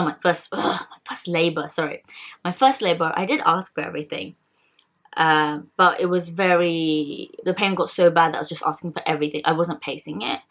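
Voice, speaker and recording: A woman's voice: low voice, fairly bright tone. A young woman vlogger in casual chat, talking candidly and rambling with many fillers and restarts.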